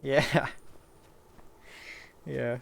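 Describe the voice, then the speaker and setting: A man's voice: medium pitch, fairly even intonation, extremely slow, vocal fry, fairly bright tone. A man talking in a rambling solo monologue, meandering and profane, with frequent laughs and restarts.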